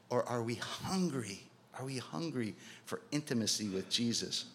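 A man's voice: medium pitch, animated, moderate pace, few pauses, a bit bright. A man preaching a sermon in a conversational way, asking rhetorical questions and acting out quotes. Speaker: pastor.

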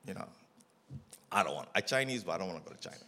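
A man's voice: deep voice, sing-song, rapid-fire, bright, forceful tone, a little hiss or hum. A middle-aged man telling a casual testimony about volunteer work, rambling with many fillers and acting out the dialogue as he goes. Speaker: mission trip volunteer giving a testimony.

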